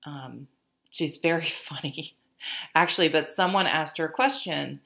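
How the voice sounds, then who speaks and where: Low-voiced woman giving a chatty tarot reading. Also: unhurried, vocal fry, bright, forceful tone. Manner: chatty, many fillers and restarts; laughs at her own stories. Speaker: tarot reader.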